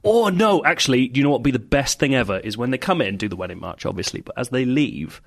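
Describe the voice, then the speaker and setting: A man co-hosting a podcast in casual chat, playful and enthusiastic in quick banter. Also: medium pitch, lively intonation. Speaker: podcast co-host.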